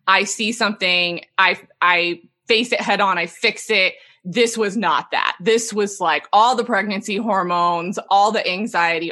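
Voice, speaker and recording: A woman in her thirties, a podcast guest telling a personal story in an animated way and laughing as she talks. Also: mid-range voice. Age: 30s. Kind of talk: casual interview storytelling.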